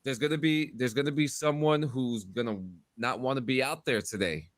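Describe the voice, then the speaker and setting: A man's voice: medium pitch, moderate pace. A man hosting a podcast talks in a loose, rambling way, often repeating words as he starts a sentence. His voice sits in the middle range. The sound is dry and close, with no room echo. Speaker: podcast host. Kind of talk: casual podcast sign-off.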